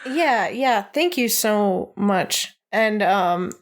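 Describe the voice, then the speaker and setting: A woman describing her character in a tabletop game, slow and giggly. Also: medium pitch, lively intonation. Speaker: player.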